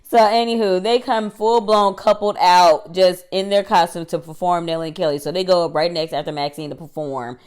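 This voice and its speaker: A woman's voice: on the low side, steady tone, brisk, few pauses, darkish tone, clean tone. A woman recapping a TV episode for her channel in a chatty, slangy way, laughing often. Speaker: YouTube TV reviewer.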